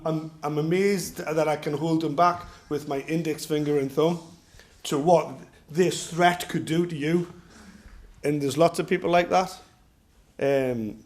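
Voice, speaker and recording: With a dark-toned voice pitched on the high side, this middle-aged Geordie self-defence instructor from North East England chats informally with his class, telling rambling, jokey stories.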